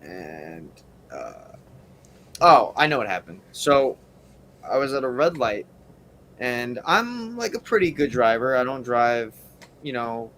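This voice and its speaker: A man's voice: medium pitch, big pitch swings, slow, long pauses, fairly bright tone, slight background noise. A man telling a rambling story in a casual interview, full of fillers and asides. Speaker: wrestler guest.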